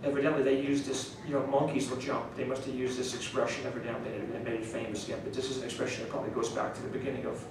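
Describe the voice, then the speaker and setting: A man's voice: medium pitch, level tone, rapid-fire, hardly any pauses. A man with a New Orleans accent, an author chatting casually with a small audience, rambling and chuckling as he restarts his sentences. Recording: echoey room miked from a distance, noise.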